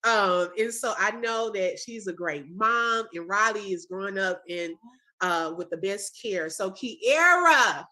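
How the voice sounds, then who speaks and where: A woman's voice: mid-range voice, animated, measured pace, pushed and bright. A woman hosting a casual video-call chat, praising a former student with emotion and often saying "when I tell you". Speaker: host, former teacher.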